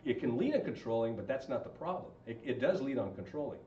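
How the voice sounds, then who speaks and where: A mid-range, mellow-voiced man talks fast about marriage to a group, with big pitch swings, asking listeners questions throughout. There's a little hiss or hum, and the recording is dull and echoey from being far from the mic.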